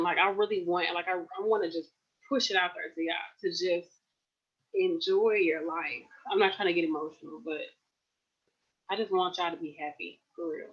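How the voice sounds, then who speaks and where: Relaxed, chatty woman in her late twenties. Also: on the low side, lo-fi sound. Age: late 20s. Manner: relaxed and chatty, addresses viewers as y'all. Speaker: nurse vlogger. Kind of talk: casual chat on a livestream. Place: at home.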